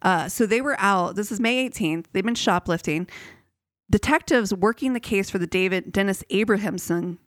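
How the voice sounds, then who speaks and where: A woman's voice: medium pitch, no echo, clean studio sound. A woman co-hosting a podcast, casually retelling a true crime case with fillers and restarts. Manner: loose, halting with fillers and restarts. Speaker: podcast co-host.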